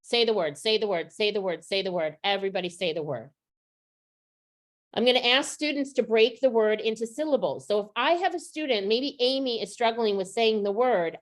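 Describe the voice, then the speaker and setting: A middle-aged woman training teachers on vocabulary instruction, practical and asking the audience questions. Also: medium pitch. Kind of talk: professional development workshop.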